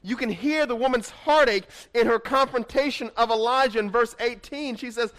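A man preaching a sermon, moving between hushed, quiet passages and emphatic, rising declarations, and reading scripture aloud dramatically. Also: extremely high pitch, moderate pace, hardly any pauses. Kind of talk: expository sermon.

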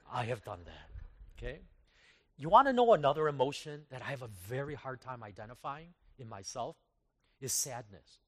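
Male pastor, sermon at a retreat, conversational and self-mocking, swings from loud to hushed. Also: mid-range voice.

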